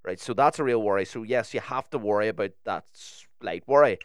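Smooth low-voiced man chatting candidly. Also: fairly quick, no room sound, studio quality. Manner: candid, swears freely, tells stories with restarts. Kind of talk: casual chat.

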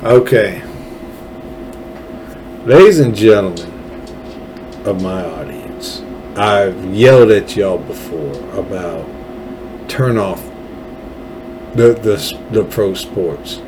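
A man's voice: on the low side, expressive, slow pace, long pauses, noisy background. A man hosting a political podcast, ranting angrily with sarcasm and profanity. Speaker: podcast host. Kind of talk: political commentary rant.

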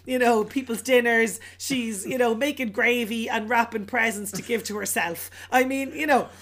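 A woman's voice: fairly high pitch, moderate pace. Laughing woman retelling a film. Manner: laughing, animated retelling with put-on voices. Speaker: podcast co-host. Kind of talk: casual chat.

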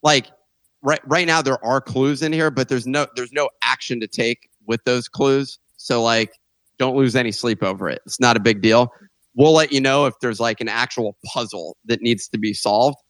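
A man co-hosting a casual podcast, jokey and quick to laugh, often restarting his sentences. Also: medium pitch, fairly bright tone, dry recording. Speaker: co-host.

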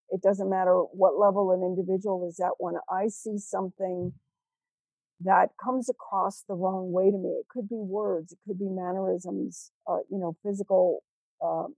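Warm-voiced woman career coach. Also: mid-range voice, flat delivery, unhurried, no echo, low-quality recording. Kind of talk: casual interview chat.

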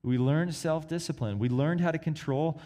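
A man preaching a sermon, swinging between emphatic rises and hushed, quiet drops. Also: fairly high pitch, moderate pace.

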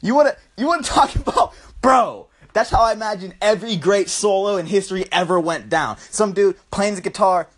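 A young man rambling through a vulgar comic story, loose and profane, with "bro" in nearly every breath. His voice is high for a man and leaps all over the place as he acts things out. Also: animated, fairly quick, few pauses. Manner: profane, loose, peppered with "bro" and sound effects. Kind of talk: crude comedic storytelling rant.

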